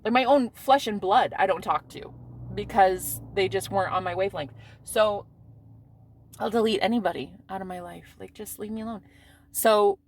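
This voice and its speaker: A woman in her thirties, a vlogger talking casually outdoors on a street in a brash, loud-mouthed way, swearing and laughing often. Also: medium pitch, normal speed. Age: 30s.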